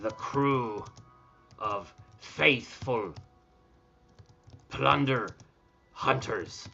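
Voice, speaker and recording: A man putting on a swaggering old-time pirate voice, drawing out his words slowly with growled yars, on dull lo-fi audio with faint music behind. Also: mid-range voice, creaky, sharp tone, heavily acted. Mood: mock-gallant. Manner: slow drawn-out dictation, growled yars.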